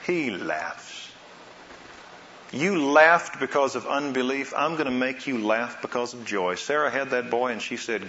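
A man preaching a sermon, asking rhetorical questions and swinging between soft and loud delivery. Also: mid-range voice, expressive, unhurried, a little hiss or hum. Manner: dramatic swings in loudness and pace, rhetorical questions. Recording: roomy, slightly dull sound.

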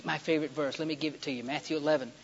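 A middle-aged man preaching a sermon, dramatic, swinging between loud excited storytelling and hushed, slow scripture reading. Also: a little high, a little hiss or hum. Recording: dull lo-fi recording.

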